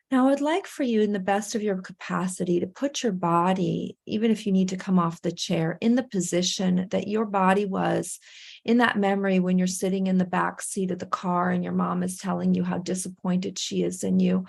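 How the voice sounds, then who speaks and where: A woman's voice: fairly low pitch, fairly even intonation, moderate pace, vocal fry, a little mellow, slightly rough. A woman coach leading a participant through a guided breathing and grounding exercise on a video call, soothing and encouraging.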